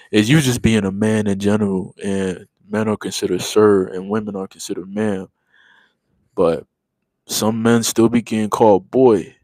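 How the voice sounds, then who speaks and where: A man's voice: lowish voice, a little mellow, no room sound, poor audio. Laid-back slangy man in his thirties. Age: 30s. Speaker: livestream host. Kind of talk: casual chat with viewers.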